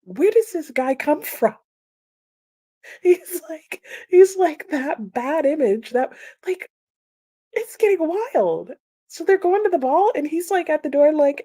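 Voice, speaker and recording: A woman hosting a casual book chat, animated and emphatic, with frequent "like" and laughter. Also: high-pitched, slow pace. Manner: animated and emphatic, with repeated exclamations. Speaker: book livestream host.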